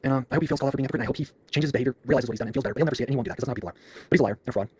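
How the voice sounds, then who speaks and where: A man ranting fast to camera in an intense, swearing, preachy way. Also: medium pitch, a little hiss or hum. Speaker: online video creator.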